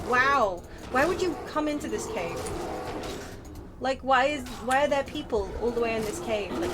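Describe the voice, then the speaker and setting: A British woman in her thirties, with a voice sitting a little higher than most, chats away as she plays a game on stream. She drifts between tangents with self-deprecating asides. A steady hiss of noise runs under the recording. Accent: British English. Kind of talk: casual chat while playing a game. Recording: noisy home stream audio.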